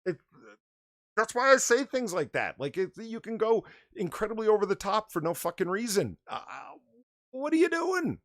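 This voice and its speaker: Male stream host, sarcastic and profane, lively delivery, slightly high pitch. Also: moderate pace, dry recording, studio quality. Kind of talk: casual livestream chat.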